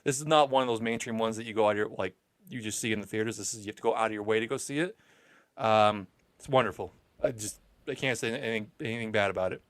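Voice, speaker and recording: Fast-talking eager man co-hosting. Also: on the low side, dry recording. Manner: eager, emphatic, teasing. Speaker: podcast co-host. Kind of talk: casual podcast chat.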